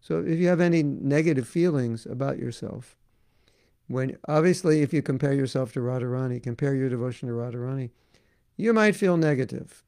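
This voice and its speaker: A man with a gravelly, creaky voice gives a devotional question-and-answer talk, recorded close and dry with no room sound. He speaks in a relaxed, conversational way, gently coaxing his listeners and often asking "you know?". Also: mid-range voice, brisk, no echo. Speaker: spiritual teacher answering questions.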